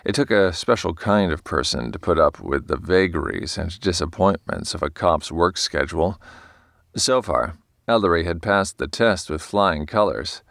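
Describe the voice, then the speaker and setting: A man narrating an audiobook in a measured storytelling manner. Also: low voice, creaky, fairly bright tone, no echo, clean studio sound. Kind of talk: scripted narration.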